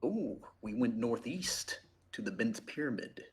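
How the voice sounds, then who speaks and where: A man's voice: medium pitch, expressive, measured pace, slightly rough, soft background music. A man playing his character in a tabletop game, with an inquisitive, wry manner. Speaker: player.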